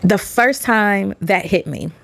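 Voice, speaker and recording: A woman hosting a faith-based motivational talk, animated and preachy. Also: slow pace, creaky. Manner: animated, preachy, acts out voices with pitch jumps. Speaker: podcast host and motivational speaker.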